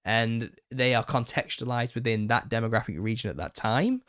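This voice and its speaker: A man hosting a live Q&A stream, opinionated and quick to get worked up, laughing as he rants. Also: mid-range voice, fairly bright tone, dry recording, studio quality. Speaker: channel host. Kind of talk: live Q&A monologue.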